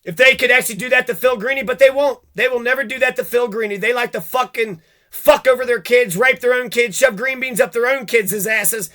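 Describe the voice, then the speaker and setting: High, bright-voiced angry ranting man. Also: fairly quick. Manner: heated, cursing, jumps from grievance to grievance. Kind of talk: angry profane rant.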